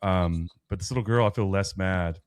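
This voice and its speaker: A man's voice: low voice, moderate pace, smooth, dry recording, studio quality. A man in his thirties, a podcast guest, telling a personal faith story in an earnest, rambling way with many restarts. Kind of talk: personal faith testimony in conversation.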